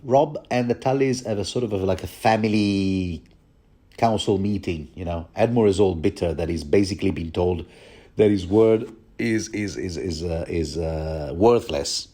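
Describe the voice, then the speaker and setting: A man's voice: deep voice, dark tone. A man hosting a rambling, jokey book commentary, full of casual asides and quips to the listener. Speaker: podcast host.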